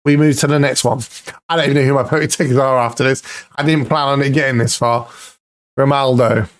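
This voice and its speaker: A man commentating his own football management game, excitable and pleading at the screen, swearing now and then. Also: medium pitch, fast. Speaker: gaming YouTuber.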